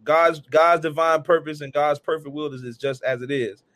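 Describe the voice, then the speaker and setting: A man's voice: a little high, fairly even intonation, moderate pace, fairly bright tone, no room sound. A man hosting a casual interview, talking in an earnest, slangy, praising way. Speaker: podcast host.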